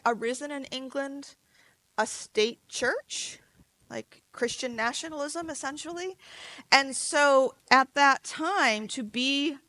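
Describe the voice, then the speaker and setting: A woman's voice: on the high side, a bit bright, dry recording, poor audio. A woman giving a conversational public lecture, explaining step by step with light asides, restarts and fillers.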